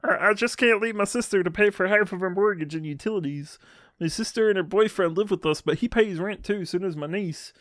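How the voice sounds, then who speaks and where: A man putting on a high, nasal frog puppet voice to read a post aloud for laughs. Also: brisk, fairly bright tone, no echo, studio quality. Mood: goofy. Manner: reading a post aloud in a silly character voice. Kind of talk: comedic reading of a reddit post.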